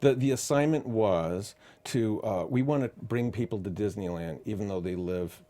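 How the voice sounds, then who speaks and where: A middle-aged man, a film composer, being interviewed and telling animated anecdotes, acting out quoted voices with lots of fillers. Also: fairly low pitch, normal speed. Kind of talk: interview, casual storytelling.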